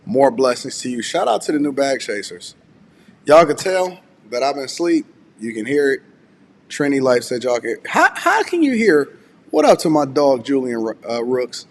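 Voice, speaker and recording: A man hosting a casual live stream from home, relaxed and a bit groggy with a slightly raspy voice, chatting and reading viewer messages aloud. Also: mid-range voice, normal speed, long reverb tail. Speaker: host.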